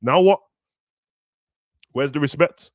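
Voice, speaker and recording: Young male football podcast host, animated slang, dry close sound. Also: a little high, slow pace, no room sound. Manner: animated, slangy, acts out players in raised voices. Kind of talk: casual football chat.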